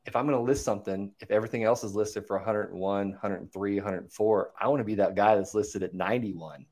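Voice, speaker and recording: A man's voice: fairly low pitch, quick pace. A man, a land investor, chatting as a podcast guest, walking through numbers and acting out angry callers. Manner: animated storyteller, acts out callers' voices. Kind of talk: casual podcast interview.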